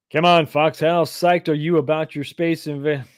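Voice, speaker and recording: A man's voice: fairly high pitch, no room sound, studio quality. A man from East Texas, hosting a casual livestream and rambling as he reads viewer comments aloud and answers them. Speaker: livestream host.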